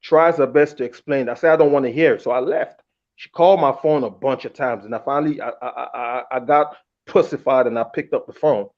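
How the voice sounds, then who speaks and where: A man telling a long personal story in a casual, candid and animated way, acting out the quotes. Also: medium pitch, fairly quick. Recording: muffled lo-fi audio.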